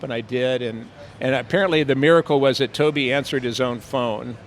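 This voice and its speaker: Being interviewed outside on a city street, an older male actor tells wandering stories full of fillers and playful impressions. His mid-range voice moves at a moderate pace, and there's slight background noise.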